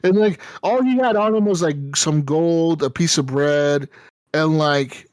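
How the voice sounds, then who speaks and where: A man co-hosting a gaming podcast, telling stories in a lively, casual way and swearing often. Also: a little high, a little slow, smooth, no room sound. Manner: animated storytelling, swears often. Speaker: podcast co-host. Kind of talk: casual chat.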